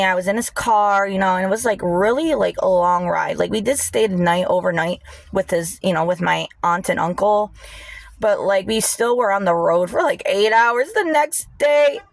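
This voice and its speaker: A woman's voice: mid-range voice, gravelly, no echo. A young woman telling a painful personal story to the camera, emotional and fighting back tears, with many fillers. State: tearful. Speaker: vlogger. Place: indoors, people nearby.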